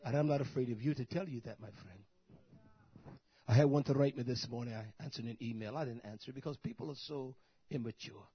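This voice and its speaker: Male preacher, husky and dry, blunt and scolding, dull lo-fi sound. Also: medium pitch, fairly quick, dry recording. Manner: preaching with frequent hallelujahs and Hebrew terms. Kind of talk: sermon.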